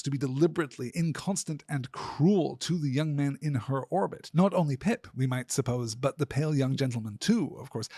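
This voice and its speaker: A man hosting a podcast, talking through a classic novel in a measured, analytical way. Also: medium pitch, darkish tone, breathy edge, dry recording, clean studio sound. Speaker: podcast host. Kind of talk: literary discussion.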